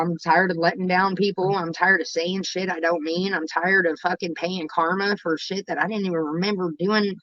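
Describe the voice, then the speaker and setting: Female streamer, unscripted and emotional, heavy profanity, halting delivery; dull, dry home audio. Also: on the low side, fairly even intonation, fairly bright tone, no room sound. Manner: raw, emotional, swears constantly, halting restarts. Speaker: livestreamer. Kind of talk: candid livestream talk to viewers.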